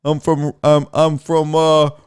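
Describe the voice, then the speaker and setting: A man's voice: fairly high pitch, monotone, slow, a little mellow, smooth. A man putting on a brash Queens New Yorker. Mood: swaggering.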